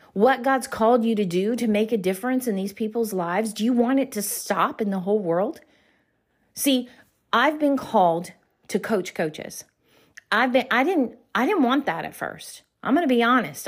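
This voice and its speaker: A middle-aged woman, a Christian business coach, giving an earnest faith-based motivational talk with slow, emphatic questions. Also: medium pitch.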